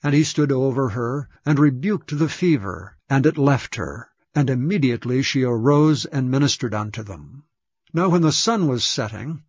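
A man's voice: medium pitch, a little mellow, slightly rough, dry recording. Solemn man reading scripture, dull recording. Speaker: scripture reader.

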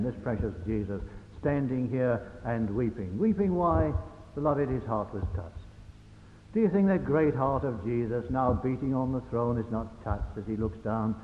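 A man preaching a gospel sermon, earnest and fervent, putting rhetorical questions to his hearers. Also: mid-range voice. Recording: echoey hall on a lo-fi phone-like recording with faint hiss.

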